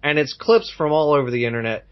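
A man co-hosting a podcast in casual chat, enthusiastic and halting, with frequent restarts. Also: a little high, lively intonation, highs cut off. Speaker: podcast co-host.

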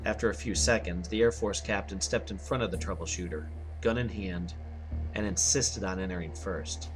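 A man narrating an action story in a steady reading voice. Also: low voice, normal speed, over music.

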